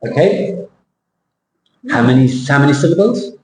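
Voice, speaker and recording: In a roomy classroom with a faint hum, a man coaches accents by drilling words slowly, syllable by syllable. His mid-range voice is expressive, and he occasionally slips into Thai to address his students.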